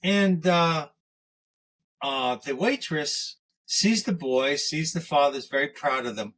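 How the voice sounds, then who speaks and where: A man in a casual podcast chat, telling crude jokes in a rambling, halting way that is full of restarts. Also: fairly high pitch, a bit bright. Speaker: podcast co-host.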